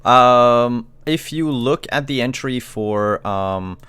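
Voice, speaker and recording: A man's voice: medium pitch, takes it slowly, a bit bright, smooth. A man acting as game master, explaining rules and narrating a tabletop game.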